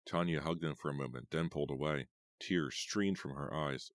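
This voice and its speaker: A man narrating an audiobook in an expressive storytelling manner. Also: very deep voice, normal speed, no room sound, studio quality.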